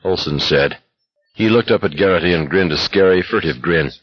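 A man narrates an audiobook in a steady, measured way. His voice sits low and husky. The sound is dry and slightly muffled. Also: no room sound. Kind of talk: scripted narration.

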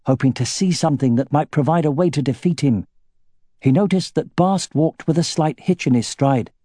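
Mellow male audiobook narrator. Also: fairly high pitch, no room sound, studio quality. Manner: measured, steady storytelling. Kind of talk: scripted fantasy narration.

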